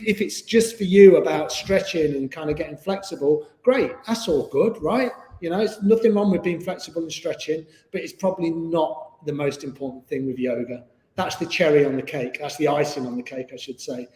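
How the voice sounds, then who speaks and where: A man's voice: fairly high pitch, a little mellow. A man teaching a live online yoga class in an easygoing, chatty way with many fillers. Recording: echoey room with long reverb.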